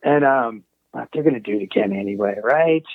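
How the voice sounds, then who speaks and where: A man's voice: medium pitch, expressive, a little fast, no room sound. A man guesting as a recording engineer, telling casual stories in a meandering way, full of asides and restarts. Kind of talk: casual anecdotal storytelling. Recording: tinny phone-like call line.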